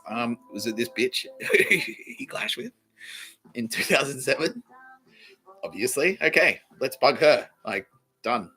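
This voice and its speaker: A man's voice: on the low side, low-quality recording. An Australian man hosting a comedy podcast, telling rambling stories full of swearing and laughter. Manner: profane, laughing, animated rants. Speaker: podcast host.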